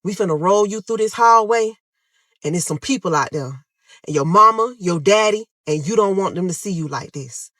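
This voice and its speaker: A firm, steady nurse gives direct orders and then soothing promises, as a young woman quotes her while telling a story. The voice stays mid-pitched and level. It sounds close and dry, with no room echo. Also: moderate pace. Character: calm, firm older female hospital nurse.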